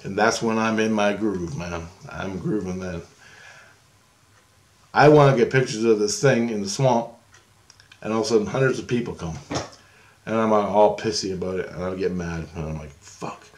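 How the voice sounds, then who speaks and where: A man's voice: lowish voice, normal speed, pauses often. A middle-aged man vlogging, telling a long story in a loose, rambling way, swearing freely and laughing often.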